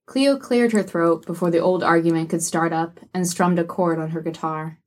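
A woman reading a work of fiction aloud with wry, even storytelling. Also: lowish voice, moderate pace. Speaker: narrator. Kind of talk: audiobook narration of fiction.

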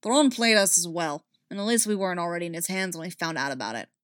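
A woman voicing a gruff, protective alien male warrior who growls his words, in a dry, close recording. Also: lowish voice, fast, dry recording, natural voice.

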